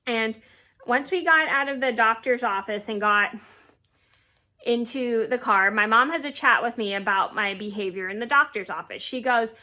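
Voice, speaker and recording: A woman's voice: fairly high pitch, moderate pace, sharp tone. A young woman telling a personal story to her viewers, rambling casually with many fillers and restarts. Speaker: vlogger.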